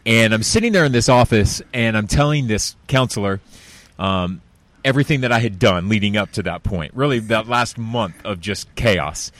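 A man hosts a conversation, telling his own stories earnestly and picking up energy as he reaches the point. His voice sits on the low side. The recording is dry and close. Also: expressive, normal speed, fairly bright tone, no echo. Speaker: podcast host. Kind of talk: conversational interview with personal stories.

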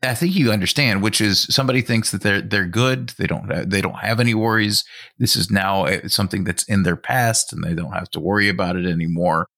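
A man's voice: fairly low pitch, a little fast, a bit bright. A man interviewing a guest, posing thoughtful questions and restarting phrases as he goes. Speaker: interviewer, college professor.

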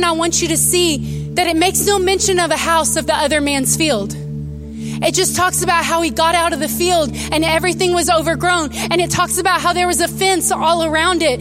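High-voiced woman pastor preaching over music. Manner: emotional, tearful at moments, animated storytelling. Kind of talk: sermon.

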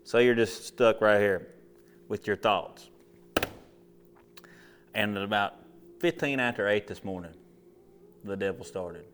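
A man's voice: on the low side, measured pace, pauses often, fairly bright tone, slight background noise. A man preaching a casual sermon to a live audience. He tells stories, asks rhetorical questions and acts out his own inner dialogue. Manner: conversational storytelling with rhetorical questions.

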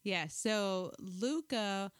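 A woman's voice: mid-range voice, very slow, clean tone, no room sound, studio quality. Chatty middle-aged woman co-hosting. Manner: chatty, animated retelling with quoted voices. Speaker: podcast co-host. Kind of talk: casual chat recapping a reality show.

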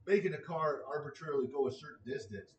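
A man's voice: a little high, quick pace, far from the mic, highs cut off. Exasperated man ranting in an echoey room. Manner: exasperated, sarcastic, swears freely. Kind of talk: casual ranting monologue.

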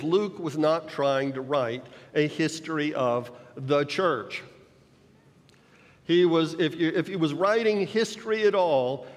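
Guy preaching a sermon real slow, bit high voice, big church echo. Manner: measured, explanatory preaching with rhetorical emphasis. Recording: long reverb of a large hall.

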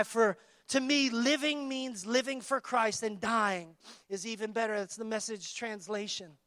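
A man preaching a sermon in an emphatic, repetitive call-and-response style, building to loud peaks and dropping to quiet asides. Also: high voice, unhurried, no room sound, clean studio sound.

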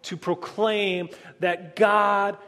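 High-voiced pastor preaching in an echoey hall. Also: male voice, level tone, very slow. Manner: earnest preaching that swells then drops to a hush. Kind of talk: sermon.

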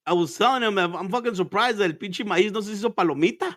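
A man with a high, fairly bright voice talks fast, recorded at studio quality with no room sound. He's a podcast host telling stories in casual chat, laid-back and profane, laughing often and slipping Spanish into his English.

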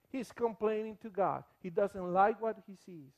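High-voiced pastor preaching with animated delivery. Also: male voice, moderate pace, hardly any pauses. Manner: animated, acts out voices of people he quotes. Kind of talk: sermon.

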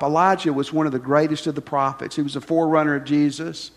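A man's voice: a little high, fast talker. An older man preaching a folksy, conversational sermon, full of rhetorical questions to the congregation. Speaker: pastor. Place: church sanctuary. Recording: long reverb of a church hall.

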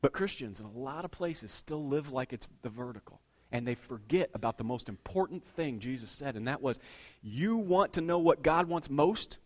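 A middle-aged man preaching a sermon as pastor, telling everyday stories and swinging between hushed remarks and loud, emphatic lines. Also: medium pitch, expressive, normal speed.

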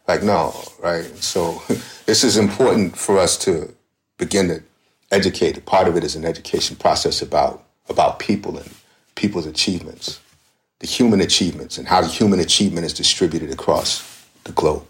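A man's voice: low voice, moderate pace. A man speaking as a podcast guest in a reflective, conversational way, often restarting his phrases.

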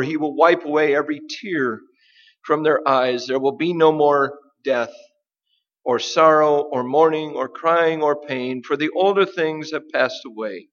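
A man's voice: on the high side, fairly bright tone. Emphatic male preacher, dull recording. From United States. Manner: deliberate, emphatic preaching with dramatic pauses. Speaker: pastor. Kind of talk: sermon.

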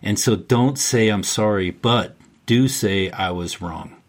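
Husky low-voiced man, emphatic. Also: slow pace. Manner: emphatic and instructive, repeats key phrases. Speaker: guest, men's coach. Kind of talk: casual conversation.

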